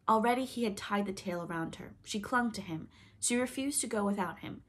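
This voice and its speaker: A woman reading a classic children's novel aloud in a gentle, measured storytelling voice. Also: mid-range voice, a little hiss or hum. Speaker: storybook reader. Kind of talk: audiobook narration.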